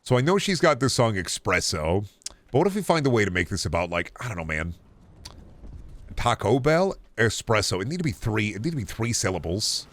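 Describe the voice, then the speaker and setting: A man's voice: fairly low pitch, very animated, brisk, fairly bright tone. A man streaming a video game, chatting casually with viewers, joking, rambling and swearing now and then. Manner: answers chat questions while playing.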